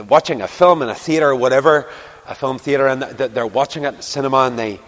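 A man preaching a sermon to a large congregation, telling stories in an animated way and building to emphatic declarations. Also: medium pitch, fast. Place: large church or hall before a congregation. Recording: long hall reverb.

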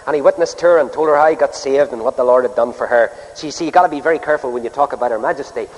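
Preacher in a reverberant hall. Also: male voice. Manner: emphatic, measured delivery with sharp rises in pitch. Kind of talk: evangelistic sermon. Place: church pulpit.

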